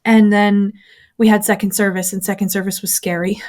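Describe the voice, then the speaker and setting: A woman's voice: mid-range voice, flat delivery, fairly quick, a little mellow. A woman recounting her years in a church as an interview guest, telling the story animatedly and acting out what others said. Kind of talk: personal testimony in conversation.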